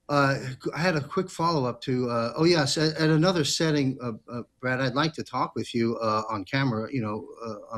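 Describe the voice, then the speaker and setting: A man hosting a panel discussion who speaks politely and haltingly, with many pauses and fillers. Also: medium pitch, a bit bright. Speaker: host.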